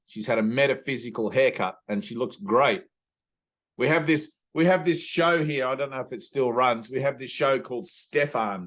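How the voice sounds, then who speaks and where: An Australian spiritual teacher gives a satsang talk over a video call, telling rambling stories and slipping into playful voices. His voice is medium in pitch and a bit bright.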